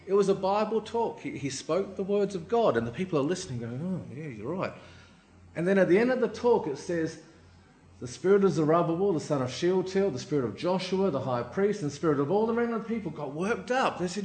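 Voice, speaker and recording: A man's voice: high-pitched, fairly quick. A man giving a sermon with personal stories, acting out voices and often asking the room "right?". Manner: lively, acts out quoted voices, keeps asking "right?". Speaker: lay preacher. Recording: roomy hall echo.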